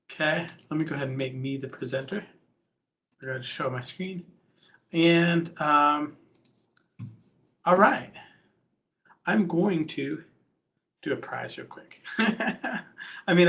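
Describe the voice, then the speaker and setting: A man hosts a live webinar in a chatty, easygoing manner. His voice is gravelly with a bright, forceful edge and sits a little high. The audio is dull and lo-fi. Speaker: conference host. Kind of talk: casual live webinar hosting.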